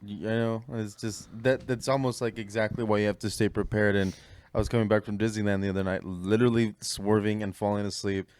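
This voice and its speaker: Low-voiced laid-back man. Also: fairly quick, clear, resonant tone. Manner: relaxed, slangy, hesitant fillers. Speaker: comedian podcast co-host. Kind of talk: casual chat.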